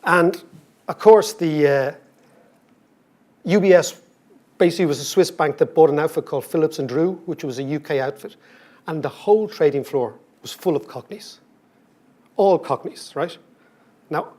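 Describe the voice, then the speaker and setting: Brief: Irish man, 50s, comic keynote storyteller, high voice, irreverent and salty. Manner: lively, irreverent, swears freely, jokey asides. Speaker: conference speaker, economist.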